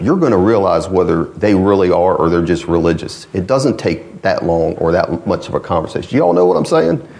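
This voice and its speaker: A man's voice: medium pitch, a little mellow. A man with a northern US accent preaching a sermon in a folksy, conversational way with frequent asides to the congregation.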